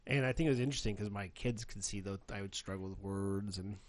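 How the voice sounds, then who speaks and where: A middle-aged man talks through childhood stories in a low, easygoing voice on a casual podcast. When a tale takes off, his pitch jumps and he gets loud and lively. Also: quick pace, no echo. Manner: storytelling, gets loud and high when animated. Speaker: podcast co-host. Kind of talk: casual comedic chat.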